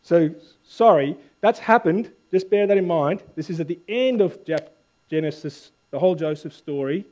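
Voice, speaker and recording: A male pastor giving a conversational sermon, swinging between hushed and loud lines and stumbling over repeated words when he corrects himself. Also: a little high, expressive, moderate pace, lo-fi sound.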